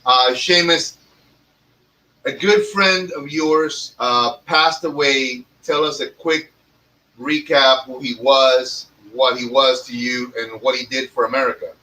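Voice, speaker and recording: A man's voice: medium pitch, fairly even intonation, takes it slowly, sharp tone. A man hosting a podcast, cracking profane jokes and ribbing his co-hosts in casual banter. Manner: brash, profane, joking banter. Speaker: podcast host. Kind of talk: casual comedic chat. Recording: voice a bit distant from the mic.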